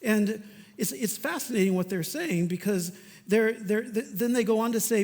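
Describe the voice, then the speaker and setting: A man's voice: sits high, moderate pace, a little mellow, long reverb tail. A male pastor delivering a sermon in an earnest, conversational way, with casual asides.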